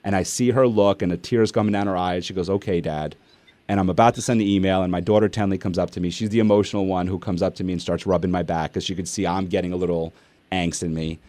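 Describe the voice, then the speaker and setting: Middle-aged male host, low voice, dry close sound, animated storyteller. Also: fast talker, dry recording. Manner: animated, acts out family dialogue. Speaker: podcast host and speaker. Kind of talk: casual storytelling in an interview.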